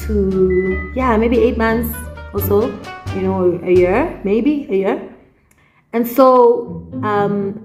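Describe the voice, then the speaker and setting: A woman's voice: medium pitch, echoey room. A young South African woman with a South African accent, telling a personal story in a casual vlog, chatty and full of fillers, slipping into Zulu phrases. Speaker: YouTuber.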